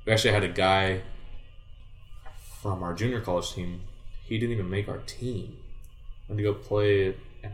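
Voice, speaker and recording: A young man from Southern California telling stories from his baseball days in a casual chat. He talks in laid-back slang full of "like" and "dude", swears now and then, and jumps high and loud when he quotes himself. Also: steady tone, normal speed, long pauses. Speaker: guest, former baseball player. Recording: roomy echo.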